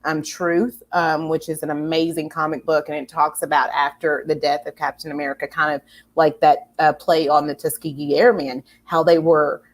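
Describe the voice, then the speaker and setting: A woman's voice: deep voice, flat delivery, normal speed. A woman hosting a casual pop culture chat, enthusiastic and rambling, with many fillers and restarts. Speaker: host.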